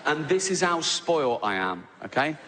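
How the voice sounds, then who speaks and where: A man's voice: a little high, big pitch swings, moderate pace, fairly bright tone, a little hiss or hum. A middle-aged English man doing a stand-up comedy routine, telling a story with sarcastic, mock-outraged asides and exaggerated quoted voices. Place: large theatre with live audience. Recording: live hall recording with audience laughter.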